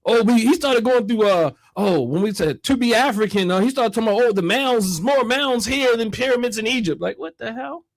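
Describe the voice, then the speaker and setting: High-voiced man hosting a lively conversation. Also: fairly quick, few pauses, no room sound. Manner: animated storyteller, laughs often, acts out quotes. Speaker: host. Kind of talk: casual call-in conversation.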